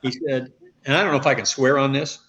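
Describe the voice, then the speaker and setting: A man in his sixties, a former pitcher and guest, telling stories in a rambling way with many restarts. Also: fairly even intonation, fast, a bit bright. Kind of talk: casual interview storytelling. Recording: dull lo-fi audio.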